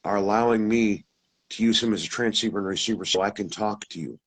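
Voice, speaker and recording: A man's voice: on the low side, fast talker, breathy edge, no echo. A man acting out a missing middle-aged father speaking through an old radio, earnest and urgent.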